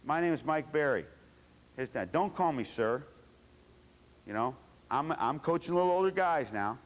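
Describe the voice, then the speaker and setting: A man's voice: fairly high pitch, expressive, moderate pace. A man lecturing as a football coach at a clinic, blunt and profane, acting out his players' voices. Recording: long reverb of a lecture hall.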